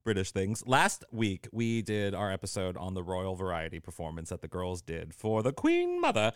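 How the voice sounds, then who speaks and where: A man co-hosting a podcast in casual chat, playful and quick to laugh. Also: sits low, smooth, no room sound, studio quality. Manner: animated, playful, laughs often. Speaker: podcast co-host.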